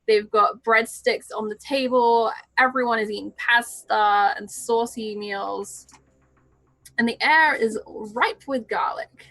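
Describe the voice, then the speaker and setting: A woman narrating a tabletop role-playing game as game master, setting scenes in an unhurried, descriptive way. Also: a little high, fairly bright tone, no echo, poor audio.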